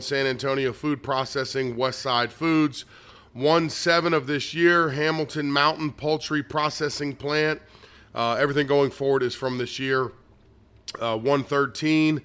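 A man reads aloud from his own notes, rattling off date after date in a smooth, resonant voice. He stumbles, restarts and drops in fillers but keeps pressing through the list. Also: a little high, a bit bright.

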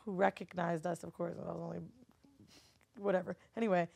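A woman's voice: fairly low pitch, flat delivery, fairly quick, creaky, darkish tone, slightly rough, no room sound. A woman chatting as a podcast guest, candid and profane, who keeps slipping into impressions of her relatives. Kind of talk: casual chat.

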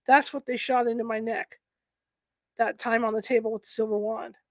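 A woman's voice: on the high side, moderate pace, no echo, lightly acted. Woman reading as a hypnotized, eerily certain woman. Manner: flat, certain answers.

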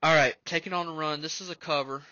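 A man's voice: a little high, fairly even intonation, quick pace, bright, forceful tone, dry recording. A man hosting a music podcast, talking earnestly and emotionally in a casual, rambling way. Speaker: podcast host. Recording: dull lo-fi sound.

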